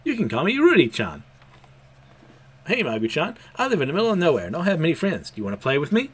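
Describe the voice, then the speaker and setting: A bubbly, friendly young girl chirps eagerly in a much higher voice, as a man puts her on. The sound is light and lively. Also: fast, husky, full character voice.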